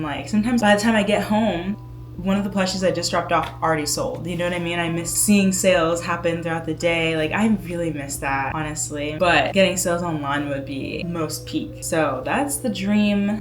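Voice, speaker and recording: A woman's voice: lowish voice, poor audio. Bubbly woman chatting in a crafting vlog. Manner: chatty and bubbly, laughs often, says "y'all". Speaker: crochet artist vlogger. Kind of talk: casual vlog chat to camera.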